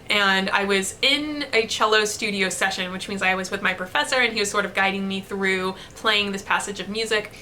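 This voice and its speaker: A young artist vlogger talks to camera, sharing candid stories and motivational advice in a chatty way with light laughs. Her medium-pitched voice has a sharp tone, and the recording carries a slight hiss or hum.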